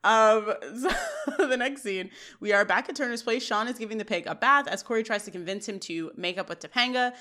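A woman's voice: a little high, a little fast. A woman co-hosting a podcast, recapping a sitcom episode scene by scene in casual chat and animatedly quoting the characters. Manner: animated storytelling, quoting characters with frequent laughs. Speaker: podcast co-host.

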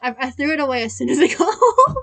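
Young woman, a bit high-pitched, in a laid-back chat; giggly, rambling storyteller. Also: sing-song, fast talker, vocal fry, bright, forceful tone. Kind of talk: casual chat.

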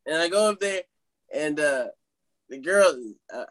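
A young man casually telling a funny story to friends on a podcast, animated and laughing along. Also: on the high side, unhurried. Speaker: podcast co-host.

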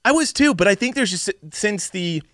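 A man co-hosting a podcast in loose, excitable, profane casual chat. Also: high voice, normal speed, no room sound, studio quality. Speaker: podcast co-host.

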